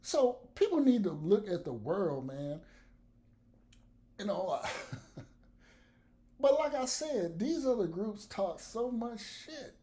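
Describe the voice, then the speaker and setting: Male vlogger for an unfiltered rant: mellow tone, swooping lively delivery, blunt and profane. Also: high voice, slow, long pauses. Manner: blunt, profane, laughs between points. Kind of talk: profane ranting commentary to camera.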